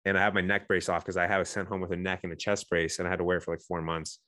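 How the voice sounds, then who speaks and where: A man in his thirties tells his own story as a guest, fast and heartfelt. His voice sits low and he speaks in quick bursts, circling back with restarts and "you know"s. The sound is dry and close. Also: little pitch movement, bright, forceful tone, no room sound. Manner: earnest, emotional, many restarts and "you know"s. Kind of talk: candid personal storytelling.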